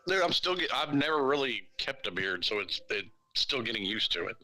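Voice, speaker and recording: A man chatting casually on an online show, laid-back and giving dry, deadpan replies. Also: mid-range voice, fairly quick, soft background music. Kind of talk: casual chat. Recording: rustling, noisy mic.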